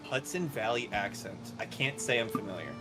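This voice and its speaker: This gaming streamer speaks at medium pitch and normal speed, chatting casually during live play with music behind him. He rambles and laughs a lot.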